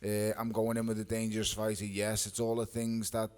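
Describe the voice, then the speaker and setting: A boxer at a press conference who answers with blunt jokes and casual swearing. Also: male voice, fairly low pitch, monotone, a little fast, darkish tone.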